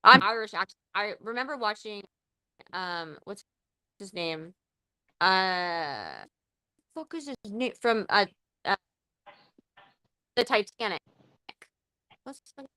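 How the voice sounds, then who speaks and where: A woman's voice: medium pitch, very animated, slow pace, long pauses, bright, forceful tone, no room sound. A woman hosting a live podcast in casual, rambling chat, swearing freely and joking around. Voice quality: profane, rambling, playful. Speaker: podcast host.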